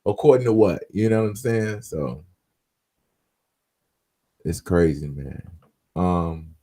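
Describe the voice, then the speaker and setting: A man's voice: low voice, lively intonation, takes it slowly, warm tone. Laid-back slangy man hosting a podcast. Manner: laid-back, slangy, chatting with live commenters; closes with an upbeat pep talk. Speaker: podcast host. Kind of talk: casual talk to viewers.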